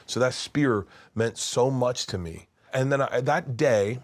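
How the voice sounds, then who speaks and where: A man's voice: mid-range voice, measured pace. A man in his fifties, a comedian guest, telling a long story in an interview and acting out the other people in it. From United States. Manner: animated storyteller, acts out quoted voices.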